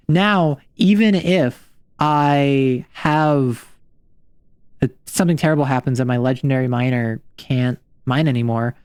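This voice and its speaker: A man streaming a game, talking casually and rambling as he thinks aloud. His voice sits a little high and jumps in pitch, recorded on a dry, close desk mic. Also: a little mellow, dry recording. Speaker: vtuber streamer. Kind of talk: casual livestream commentary while playing.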